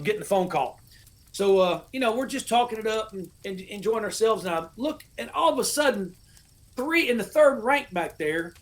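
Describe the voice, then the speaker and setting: A middle-aged American man, an army veteran guest on a podcast, telling a long story casually, swearing often and acting out the orders he once gave. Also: high-pitched. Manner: animated, profane storyteller, acts out his old orders.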